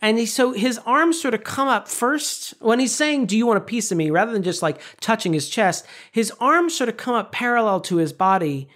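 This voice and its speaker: A podcast co-host chatting casually, retelling scenes with lively, animated delivery and some casual swearing. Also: medium pitch, normal speed, hardly any pauses. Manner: animated storytelling, acting out quoted lines. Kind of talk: casual chat.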